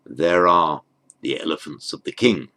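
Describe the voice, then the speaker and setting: A man's voice: a bass voice, measured pace, pushed and bright, slight background noise. A man giving a patient step-by-step language lesson, spelling out terms carefully with frequent ums and small restarts. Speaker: Sanskrit teacher.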